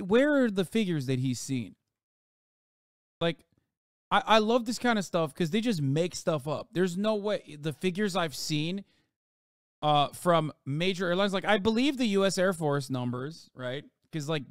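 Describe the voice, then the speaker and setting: A man reacts on a livestream with a sarcastic, profane rant. His voice is fairly high for a man and sounds smooth and resonant. The audio is dry and close, with no room sound and no echo.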